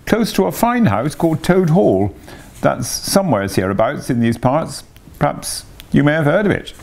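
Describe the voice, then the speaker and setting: A man voicing a boastful male toad disguised as a washerwoman, bragging in an airy falsetto. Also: sing-song, moderate pace, creaky, a little mellow, exaggerated voice. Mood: pleading.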